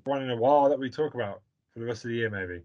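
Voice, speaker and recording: Male podcast host, casual jokey rambler, mid pitch. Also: racing, darkish tone, dull audio. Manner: joking, rambling, reads listener questions. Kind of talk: casual chat.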